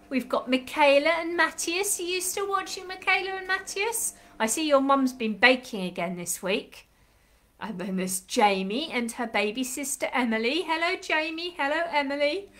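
A woman with a slightly croaky throat leading a children's class on a live stream, chatting warmly to the watching children with sing-song greetings. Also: sits high. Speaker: children's club leader. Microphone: live stream webcam.

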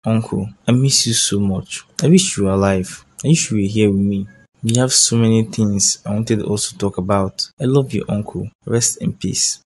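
A subdued young man with a Nigerian accent, apologetic and mourning his uncle in a cartoon drama, voiced by a man. His voice sits fairly low. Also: moderate pace, a little mellow, husky, low-quality recording.

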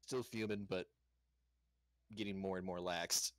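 A man plays a tabletop game in a relaxed, plain way, describing his character's actions. His voice sits low, and the recording is dry. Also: measured pace, no room sound. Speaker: player. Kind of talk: casual tabletop play.

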